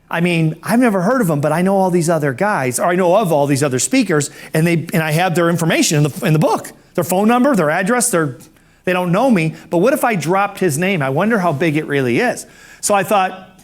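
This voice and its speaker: A man who is a professional speaker, telling a personal story in an animated way and acting out the dialogue. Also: high voice, a little fast. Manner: animated, acts out dialogue, self-amused.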